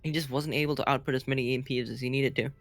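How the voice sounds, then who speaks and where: Gravelly-voiced man softly casting a game. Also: medium pitch, very fast, soft background music. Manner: soft-spoken, relaxed, playful. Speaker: esports caster. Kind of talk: live game commentary.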